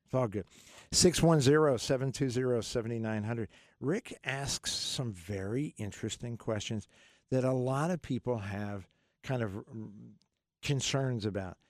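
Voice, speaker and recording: Hosting a casual call-in finance program on the radio, this middle-aged man talks in a rambling, joking manner, full of fillers and false starts. He speaks at a measured pace with a medium-pitched, darkish voice, and the studio recording is clean with no echo.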